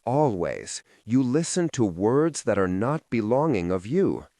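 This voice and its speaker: A man voicing a weary, tender young male mage who speaks quietly and gently, stumbling over foreign words. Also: medium pitch, very animated, unhurried, no room sound.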